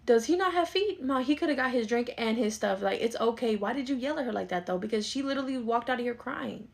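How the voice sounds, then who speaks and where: An exasperated young adult daughter arguing with her mother, sarcastic and quick-tongued, as a woman acts her out. She talks fast in a slightly high voice in this comedy skit. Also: expressive, creaky. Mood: incredulous. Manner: argumentative, sarcastic. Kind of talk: skit role-play.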